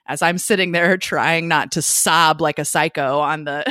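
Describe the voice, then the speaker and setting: A woman's voice: sits low, steady tone, a little slow, bright, forceful tone, no room sound, studio quality. A woman co-hosting a podcast, telling a story with candid, frank, laughing talk in casual chat. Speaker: podcast co-host.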